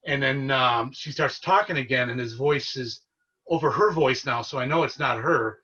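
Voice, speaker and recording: A man with a bright, edgy and somewhat husky voice tells a story in an earnest, excitable way. He sounds set back from the microphone, and the recording is dull and lo-fi. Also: mid-range voice, moderate pace, distant mic. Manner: earnest, excitable storyteller who relives events. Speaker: paranormal investigator guest. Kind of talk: casual storytelling interview.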